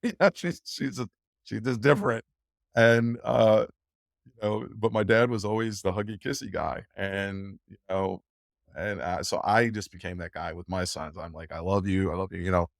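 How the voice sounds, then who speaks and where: This older man speaks as an interview guest in a low voice with vocal fry, keeping his intonation fairly even and his pace moderate. He gets emotional, rambles at length, laughs a lot and keeps restarting. The audio is dry and studio-clean.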